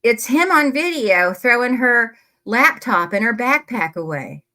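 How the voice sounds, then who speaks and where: A woman's voice: a little high, big pitch swings, measured pace, bright, forceful tone. A woman giving casual, blunt commentary, swearing and getting heated as she reads emails to viewers at a close desk microphone. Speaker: true crime commentator.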